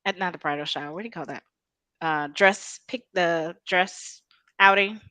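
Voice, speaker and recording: Low-voiced skeptical woman chatting. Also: moderate pace, pushed and bright, no echo. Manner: skeptical, acts out quotes in sudden high voices. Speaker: podcast co-host. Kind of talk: casual chat reviewing a reality show.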